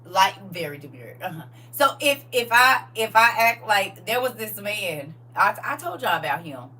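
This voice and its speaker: At a moderate pace and in a mid-range voice, a middle-aged woman livestreaming shares a story with her viewers. She's animated, laughs throughout, and performs the quoted lines, while a distant mic catches a faint hum.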